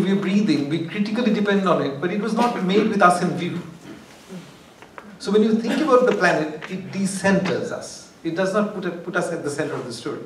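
A man delivers a university lecture in a slightly high voice, thinking aloud and circling back to restart phrases, with wry humor. He sounds set back from the microphone in a reverberant hall. A faint room ambience hangs behind him. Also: a little hiss or hum. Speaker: guest lecturer. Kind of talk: academic lecture. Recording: echoey hall, far from mic, faint ambience.

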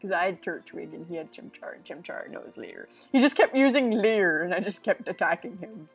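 A woman's voice: lowish voice, expressive, moderate pace, slightly rough, soft background music. A young woman hosting a let's play, rambling and joking to herself with sudden silly outbursts. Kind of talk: casual game commentary.

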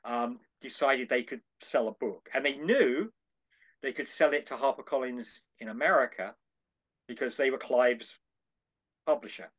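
Over dull lo-fi call audio, an older man who is guesting on a podcast tells a drawn-out story at a measured pace. His pitch is medium, and he animatedly voices the different people in the dialogue.

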